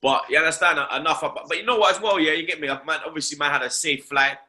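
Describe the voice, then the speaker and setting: A young London man tells a story in casual chat, his voice very bright and cutting. He is full of slang and swearing, and he keeps tagging his lines with fillers as he goes. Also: fairly high pitch, fast. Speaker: host.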